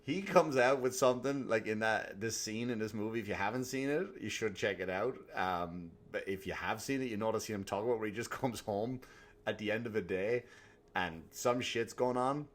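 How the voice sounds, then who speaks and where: A man hosting a comedy podcast, ranting alone in a profane, animated way. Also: on the low side, brisk. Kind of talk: solo comedic rant.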